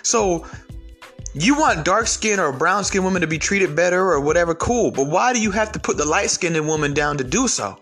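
A man's voice: high-pitched, lively intonation, normal speed, fairly bright tone, soft background music. A young man giving a blunt, confrontational commentary rant, profane and rambling with frequent restarts. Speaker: commentary vlogger. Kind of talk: ranting commentary to camera.

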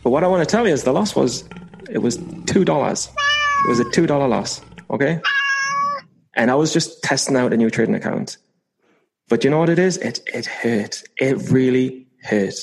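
A man's voice: on the high side, expressive, fairly quick, vocal fry, pauses often, darkish tone, slight background noise, poor audio. A man co-hosting a casual podcast chat, playful and given to mock-dramatic confessions. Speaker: podcast co-host.

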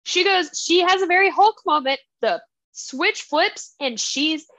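A young woman with a high voice gushes and giggles as a book podcast co-host, retelling scenes in loose, slangy talk. The sound is close and dry, with no room around it. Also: measured pace, pushed and bright, dry recording. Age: young adult. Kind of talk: casual book chat.

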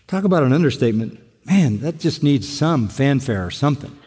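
A man's voice: medium pitch, expressive, moderate pace, a little mellow. Older male preacher in a reverberant hall. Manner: emphatic preaching with repeated phrases. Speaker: pastor. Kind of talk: sermon. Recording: long reverb of a large hall.

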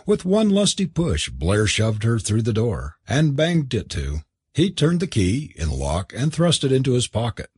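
A man narrating a novel aloud in an expressive, theatrical reading. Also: medium pitch, normal speed, no room sound, studio quality. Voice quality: husky. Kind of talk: audiobook narration.

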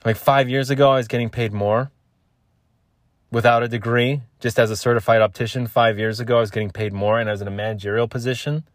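Fast-talking and steady in tone at a medium pitch, a man hosting a podcast by himself complains in a frustrated, casual rant. Swearing often and repeating himself, he calls the listener "man" and "dude," recorded at studio quality with no room sound.

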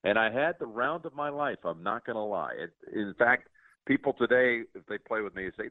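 Brief: broadcaster in his 60s, deep voice, halting storyteller, dry and close. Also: lively intonation, no room sound. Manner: earnest, halting with many restarts. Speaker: interview guest, sports broadcaster. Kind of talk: casual interview storytelling. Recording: tinny dry phone-like line.

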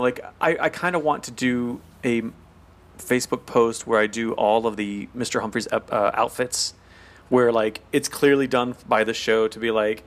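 Chatty man laughing through podcast talk. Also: mid-range voice. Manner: chatty, laughs often, quotes characters playfully. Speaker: podcast co-host. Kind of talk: casual chat.

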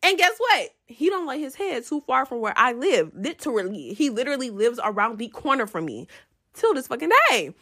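Animated young woman telling a storytime. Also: on the high side, fairly quick. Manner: animated, profane, addresses viewers as y'all. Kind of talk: casual storytime to camera.

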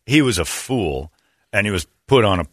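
A man's voice: fairly low pitch, lively intonation, moderate pace, dry recording, studio quality. A man hosting a talk show, telling stories in a blunt, sarcastic way. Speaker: show host. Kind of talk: casual chat.

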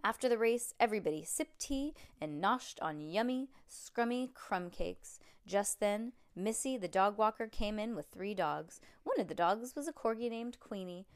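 A woman's voice: medium pitch, expressive, moderate pace, few pauses. A woman reading a children's book aloud, breaking off for chatty asides to young listeners.

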